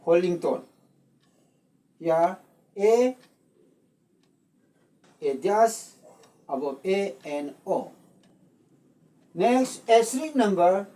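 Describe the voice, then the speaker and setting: A language teacher from Manipur, explaining spelling slowly and deliberately, repeating words. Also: medium pitch, lively intonation, warm tone, far from the mic. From Manipur, India. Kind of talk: slow explanatory lesson.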